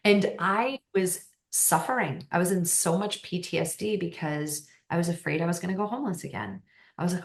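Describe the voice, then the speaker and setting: A woman speaking as a podcast guest in a casual, candid conversation, animated and emphatic at times, hushed at others. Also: on the low side, a little fast. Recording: roomy echo.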